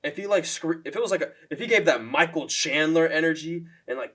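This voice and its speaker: A man's voice: on the high side, a little fast, few pauses, fairly bright tone, breathy edge. A young man casually ranting on his MMA channel, swearing often and filling with "like" as he ranks fighters. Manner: profane, lots of "like" fillers, mocking impressions. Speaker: MMA commentary YouTuber. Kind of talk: casual ranking rant.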